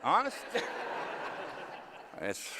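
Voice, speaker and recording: A man's voice: drawn-out words, bright, forceful tone. A man with a Texan accent, an actor telling stories to an audience in a theater, self-mocking and acting out the voices he quotes. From West Texas. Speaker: actor answering audience questions. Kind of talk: casual storytelling Q&A. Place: theater stage. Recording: long hall reverb.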